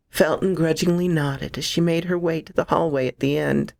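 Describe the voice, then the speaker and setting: A woman reading a horror story aloud, expressive and dramatic, close to the microphone. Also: low voice, moderate pace, vocal fry, hardly any pauses, no echo.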